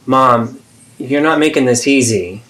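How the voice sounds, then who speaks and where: A man's voice: mid-range voice, measured pace, a bit bright. A man, therapist and host, acting out an adult child confronting a parent in a role-play, earnest and pleading.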